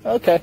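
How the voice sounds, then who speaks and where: A man hosts his vlog in a playful, rambling way, cracking jokes between remarks. His voice sits high for a man. He talks into a handheld camera in a big store. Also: gravelly, dark tone, slight background noise. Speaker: host. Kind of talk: casual vlog chat. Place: big retail store aisle.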